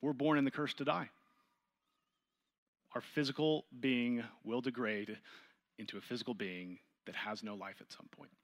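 A man's voice: fairly even intonation, normal speed, long pauses. Man leading a Bible study. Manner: reads scripture aloud, then explains it and asks the group questions; rises in pitch and volume when stressing points.

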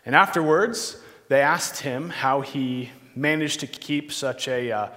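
A male pastor giving an earnest, conversational sermon with a prayer, pausing on fillers and restarting phrases. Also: medium pitch, pushed and bright. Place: church. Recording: reverberant church hall.

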